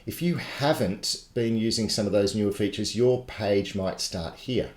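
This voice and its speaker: A man's voice: fairly low pitch, a little slow. A man running a live tech tutorial webinar, explaining things step by step in a chatty way. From Australia. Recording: echoey live broadcast.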